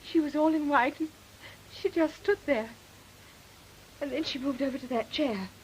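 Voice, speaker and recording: An actress plays a proud young governess with a high, light voice in a 1950s television drama. She speaks politely and with restraint, and her voice trembles when she is upset. A faint hiss sits under the old recording. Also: moderate pace, close to an everyday voice, rough recording. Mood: frightened.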